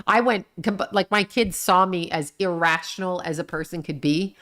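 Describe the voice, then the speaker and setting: A woman's voice: on the low side, steady tone, normal speed, hardly any pauses, fairly bright tone. Blunt, swearing woman livestream host. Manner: blunt and profane, rants and swears at the people she discusses; talks back to chat comments. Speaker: livestream host reading chat. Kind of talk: casual livestream chat.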